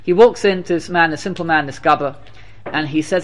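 High-voiced man telling a sermon story. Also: a little fast, a little hiss or hum. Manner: animated, repetitive, emphatic. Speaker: religious teacher.

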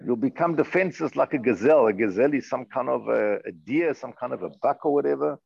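A man teaching a Torah class online, explaining texts and chanting Hebrew verses slowly with Yiddish terms. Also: medium pitch, animated, vocal fry, a little mellow, breathy edge, muffled recording. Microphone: computer mic, online class.

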